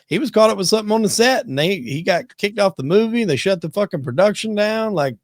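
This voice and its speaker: A man's voice: sits high, expressive, quick pace, no room sound, studio quality. A man hosting a podcast, laid-back and profane, rambling in casual chat. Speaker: podcast host.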